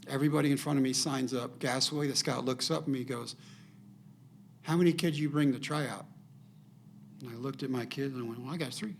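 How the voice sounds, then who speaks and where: A man's voice: medium pitch, steady tone, very fast, vocal fry, hardly any pauses, a little hiss or hum. An older man, a podcast guest telling a personal story and acting out the dialogue in it.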